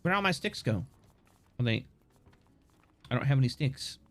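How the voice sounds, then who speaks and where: A man's voice: medium pitch, expressive, normal speed. A man streaming a game live, chatting casually with viewers in a rambling, playful way, swearing and laughing often. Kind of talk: casual live-stream chat while gaming.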